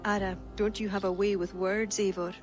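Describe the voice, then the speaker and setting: A woman's voice: medium pitch, little pitch movement, moderate pace, close to an everyday voice. An actress with an Irish accent voicing a proud, witty woman court poet who speaks in a teasing, lilting way, with game music behind.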